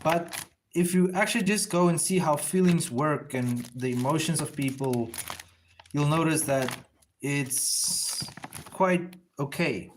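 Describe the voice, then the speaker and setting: Casual male streamer, slightly high-pitched, rambling and profane, talking while he draws. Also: slow pace, slight background noise. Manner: loose, profane, thinks aloud and answers viewers. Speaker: comic artist streaming while drawing. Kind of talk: casual rambling livestream chat.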